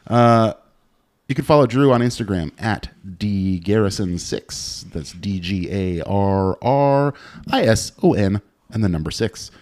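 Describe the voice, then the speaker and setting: A young man hosting a podcast with a very low voice. He talks in a laid-back, loose way and drops casual swears. His delivery is easy and unhurried. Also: expressive, darkish tone. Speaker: podcast host.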